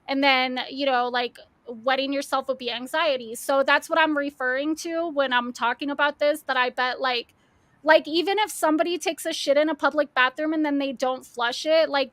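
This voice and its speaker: A woman with a high, bright voice, chatting casually and profanely with plenty of fillers. She speaks into a close desk mic. The sound is dry and close. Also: dry recording. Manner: rambling, profane, full of fillers. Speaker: streamer host. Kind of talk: casual chat.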